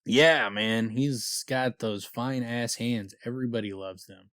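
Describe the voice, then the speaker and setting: A man's voice: medium pitch, a little slow, a bit bright, dry recording, clean studio sound. A man co-hosting a book podcast in casual chat, reading passages aloud and laughing often. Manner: reads passages aloud with small character voices, laughs often. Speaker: podcast co-host.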